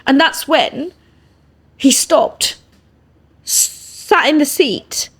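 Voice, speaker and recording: Very slowly and expressively, a woman with a high, slightly bright voice and an English accent earnestly tells a personal story as a podcast guest. She often checks in with the listener through "yeah?" tags.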